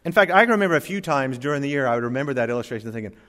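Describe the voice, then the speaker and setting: A man preaching a sermon, telling a story with dramatic slowdowns and rising emphasis. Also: fairly high pitch, animated, a bit bright, long reverb tail. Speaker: pastor.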